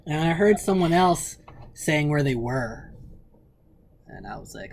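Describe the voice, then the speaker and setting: Rambling record store owner telling stories. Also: male voice, fairly high pitch, measured pace, long pauses, a little hiss or hum. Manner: rambling, animated, acts out quoted dialogue with laughs. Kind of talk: casual storytelling in an interview.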